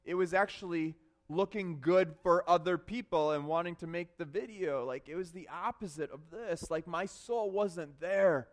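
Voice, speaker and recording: A male pastor delivers a sermon in a fairly high voice. He tells stories with animation, rising to loud bursts and then dropping to hushed, confessional tones. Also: normal speed.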